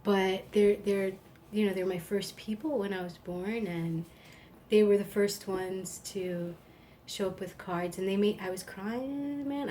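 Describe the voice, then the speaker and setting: A woman's voice: medium pitch, dark tone. Chatty woman rambling with a slight hiss. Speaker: live-stream host. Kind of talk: casual chat.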